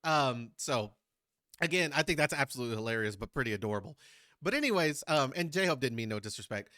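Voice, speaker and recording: A man's voice: mid-range voice, lively intonation, fast, pushed and bright, dry recording, studio quality. A man from Texas, hosting a casual reaction video in a chatty, rambling way and searching for words. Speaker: YouTube reaction host.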